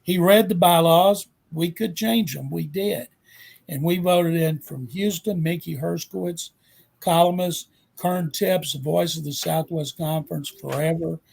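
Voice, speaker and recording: A man in his seventies with a Texan accent, a guest sportswriter telling animated anecdotes in an interview. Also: on the high side, measured pace, creaky, slightly rough. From Texas. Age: 70s. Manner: animated anecdote-teller, acts out quotes. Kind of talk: storytelling interview.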